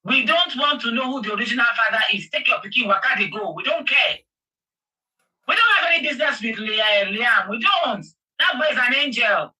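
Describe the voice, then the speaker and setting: Nigerian woman host, impassioned talk-show rant, bright edgy tone, a little off-mic. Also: on the high side, animated, fairly quick, distant mic, rough recording. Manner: passionate, shouting, emphatic repetition. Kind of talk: heated commentary chat.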